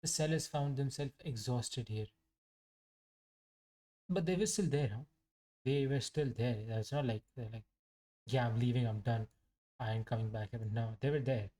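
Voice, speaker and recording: A man's voice: medium pitch, unhurried, long pauses, mellow. A young man casually reviewing his day trades, rambling, joking and poking fun at himself as he talks. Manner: rambling, joking and self-mocking. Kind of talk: casual live trading commentary.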